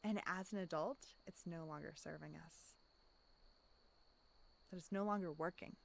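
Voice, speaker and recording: A woman speaking as a life coach in a casual self-help monologue, reflective, often checking in with "right?" and pausing for audible deep breaths. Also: creaky. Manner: acts out inner voices in quotes.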